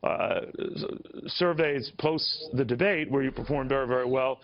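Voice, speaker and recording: A man's voice: medium pitch, normal speed, slight background noise. A man anchoring a TV news interview, wry and teasing, with chatty restarts. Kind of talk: broadcast interview. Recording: dull lo-fi broadcast audio.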